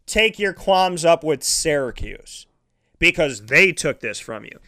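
A man's voice: a little high, lively intonation, a little slow, pushed and bright. A man broadcasting a live sports talk show, ranting with heated sarcasm and lots of repetition.

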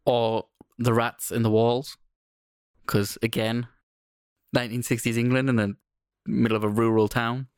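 A man chiming in on a casual chat with dry, crude wisecracks. His voice is recorded close and dry, with no room sound, at an ordinary middle pitch. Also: level tone, unhurried, long pauses, darkish tone, clean tone, no room sound. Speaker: podcast co-host.

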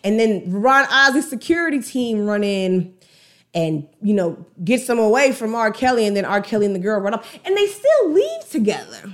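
A woman giving casual, slangy music commentary in an animated way, retelling a song's story. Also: medium pitch, normal speed. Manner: animated, slangy, acts out song dialogue.

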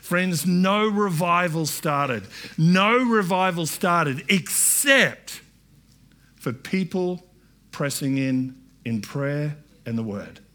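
A man's voice: a little high, animated, takes it slowly, bright, forceful tone. A middle-aged man preaching a sermon in a church, talking in a conversational way with many restarts and asides. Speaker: pastor.

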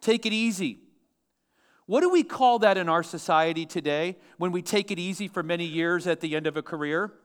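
High-voiced man preaching a sermon. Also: normal speed, clear, resonant tone. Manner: emphatic preaching, asks the congregation questions. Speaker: pastor.

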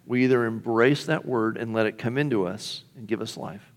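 A man's voice: mid-range voice, moderate pace. Man preaching with rhetorical questions. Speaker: pastor. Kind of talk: sermon.

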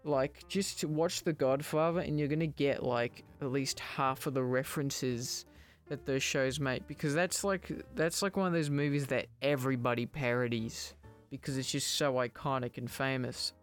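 A man's voice: medium pitch, steady tone, normal speed, faint music behind. A young man hosting a casual solo podcast, rambling, joking at his own expense and stumbling over words. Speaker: podcast host.

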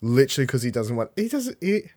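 A man talking on a podcast in a loose, sweary way. His pitch rises and falls widely as he tells stories. The talk is casual and animated. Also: fast talker. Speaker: podcast co-host. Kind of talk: casual chat.

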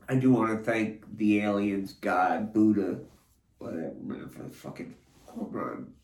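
Disoriented man rambling, very slow. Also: fairly low pitch, a little mellow, echoey room. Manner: profane, disjointed, swinging between mumbling and anguished cries. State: disoriented, under the influence of a drug. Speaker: podcast host recording his own treatment session. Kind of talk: rambling stream-of-consciousness talk.

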